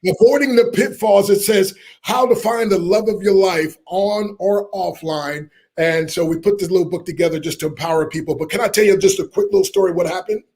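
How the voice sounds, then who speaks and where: A middle-aged man, a motivational speaker telling a lively story in an interview and acting out the people in it. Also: high-pitched, brisk, hardly any pauses, husky. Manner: animated storyteller, acts out quoted voices, laughs often.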